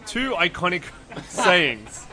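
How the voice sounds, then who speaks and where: A man's voice: sits high, big pitch swings, crowd noise. A man acting as host of a casual movie quiz, ruling on answers and keeping score. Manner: judging and scoring, brisk. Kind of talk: casual podcast game.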